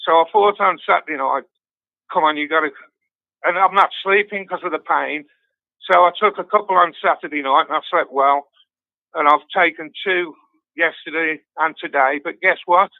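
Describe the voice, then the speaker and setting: A man's voice: on the high side, normal speed, creaky, no room sound. Sweary older Brummie man on a phone line. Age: 60s. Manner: blunt, sweary, self-mocking. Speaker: fan reading his own poem. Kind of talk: casual chat and poem recital on a call. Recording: tinny phone line, dry.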